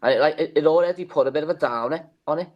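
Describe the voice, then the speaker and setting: A man's voice: a little high, rapid-fire, muffled recording. A man, co-hosting a casual football fan show, rambling and swearing, calling everyone "lad".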